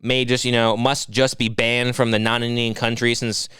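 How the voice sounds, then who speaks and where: A man's voice: mid-range voice, little pitch movement, moderate pace, sharp tone, clear, resonant tone, dry recording, clean studio sound. A young man co-hosting a podcast in a casual comedic chat, rambling crudely and slipping into goofy voices when mocking people. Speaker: podcast co-host.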